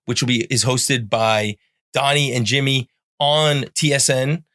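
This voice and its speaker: With a medium-pitched, fairly bright voice and fairly even intonation, a middle-aged Canadian podcast host talks at a measured pace. He rambles through plugs for the show, teases his guest and plays with sound-effect buzzers on his casual podcast.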